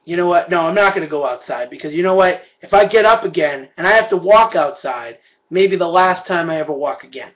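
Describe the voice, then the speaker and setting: Profane high-pitched young stand-up man. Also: expressive, a little fast. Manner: loud, profane, ranting. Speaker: stand-up comedian. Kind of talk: stand-up storytelling. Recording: dull lo-fi amateur recording.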